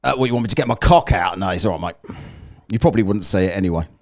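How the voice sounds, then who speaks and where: A man's voice: low-pitched, racing. A British man hosting a live online debate, sarcastic, mocking and blunt with the callers. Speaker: livestream host.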